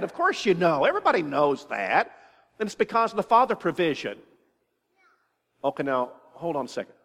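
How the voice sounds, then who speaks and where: An older man preaching a sermon, animated, acting out children's requests and a father's answers. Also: a little high. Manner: animated, acts out children's pleas and fatherly replies. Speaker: pastor. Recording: long reverb of a large hall.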